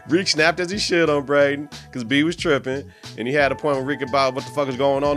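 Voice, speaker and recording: A podcast host recapping and reacting to a TV drama episode, swearing freely, laughing and acting out the characters' lines. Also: male voice, fairly high pitch, normal speed, faint music behind. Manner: profane, animated, laughs often, acts out characters' lines.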